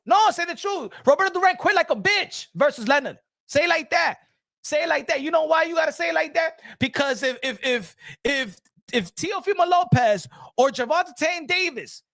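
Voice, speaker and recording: A man's voice: very high voice, sharp tone. A man hosting a boxing talk show, ranting heatedly and repeating himself with a lot of profanity. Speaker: boxing commentary host. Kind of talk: casual ranting commentary.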